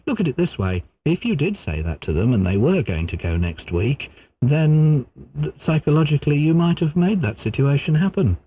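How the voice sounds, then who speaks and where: An English man, a clairvoyant guest, explaining his ideas in a measured way on a radio phone-in. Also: on the high side, big pitch swings, a little hiss or hum. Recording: dull lo-fi radio broadcast.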